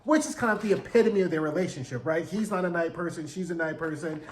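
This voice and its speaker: A man hosting a casual TV recap in a sassy, animated way, swearing freely and tossing in "right?" while he acts out the characters' lines. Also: on the high side, fast talker, roomy sound, slight background noise. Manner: peppered with profanity and rhetorical "right?". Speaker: TV recap host.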